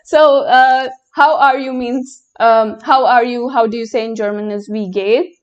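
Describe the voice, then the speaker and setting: A young woman whose first language is Hindi, teaching a live German lesson in English, answering the chat slowly and patiently with many fillers. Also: a little high, steady tone, clear, resonant tone, highs cut off.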